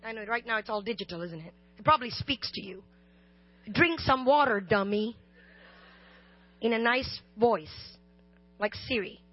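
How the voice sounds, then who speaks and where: A woman preaching a sermon, chatting and joking before rising into loud, slow shouted lines. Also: a little high, husky, soft background music. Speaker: guest preacher. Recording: slightly dull, dry sound.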